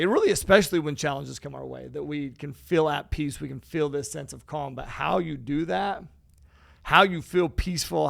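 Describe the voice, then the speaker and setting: Gravelly, emphatic male podcast host. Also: on the high side, dry recording, studio quality. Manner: emphatic, casual, swears freely. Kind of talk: casual motivational chat.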